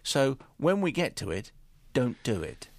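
A male radio presenter teases his co-host in a dry manner. His voice is mid-pitched and recorded close in a dead, dry studio. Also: sing-song, unhurried, no echo. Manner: dry, teasing. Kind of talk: radio chat. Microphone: studio microphone.

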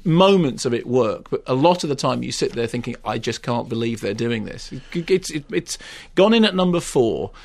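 A man reviewing films on a radio chat show, opinionated and given to exasperated rants that climb in pitch. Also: expressive, normal speed, hardly any pauses, darkish tone. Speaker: film critic.

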